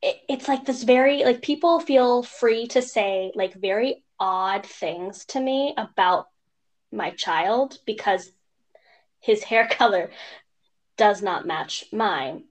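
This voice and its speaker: A woman's voice: medium pitch, slow. Chatty young mother telling stories. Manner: animated storytelling, mimics strangers' voices. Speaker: podcast co-host. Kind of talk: casual chat.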